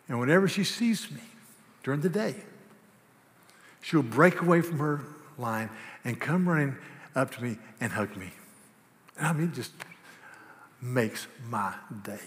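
A man preaching a sermon as pastor, swinging from hushed, tender asides to loud, emphatic declarations. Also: medium pitch, slight background noise. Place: church sanctuary. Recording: long hall reverb.

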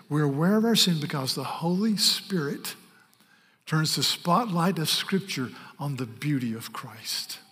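A man preaching a sermon as a pastor, earnest and emphatic, slowing down to stress key words. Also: a little high, a bit bright. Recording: long hall reverb.

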